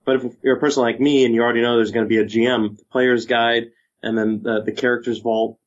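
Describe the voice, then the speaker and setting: A man in a casual panel discussion, relaxed with jokey interjections. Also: medium pitch, fast talker. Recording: dull lo-fi sound.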